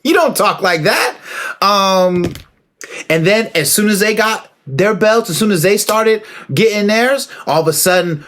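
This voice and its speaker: A man giving a casual, emphatic opinion monologue, preaching and calling out to listeners with rhetorical questions and shout-outs. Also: high voice, animated, a little slow. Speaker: martial arts commentator.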